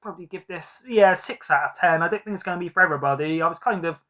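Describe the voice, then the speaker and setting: A man's voice: high voice, quick pace, pushed and bright. A man hosting a casual film review chat, rambling with frequent ums and likes. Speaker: film collector host.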